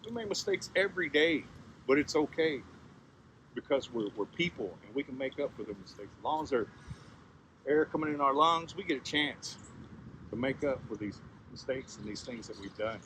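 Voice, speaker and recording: A man voicing a weary, forgiving grown man who talks in a quiet, earnest, plain-spoken way. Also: medium pitch, lively intonation, moderate pace, slight background noise, lightly acted, poor audio. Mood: kind.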